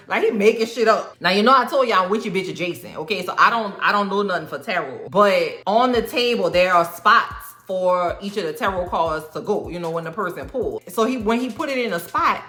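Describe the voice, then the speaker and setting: A woman's voice: mid-range voice, echoey room. A woman, chatting casually and animatedly through a TV episode recap. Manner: chatty, animated, quick asides. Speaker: TV recap vlogger.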